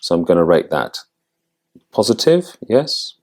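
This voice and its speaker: A man working as an accent coach, thinking aloud as he rates quiz answers, with halting restarts. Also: low-pitched, sing-song, a little mellow, breathy edge. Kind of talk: casual commentary on a quiz.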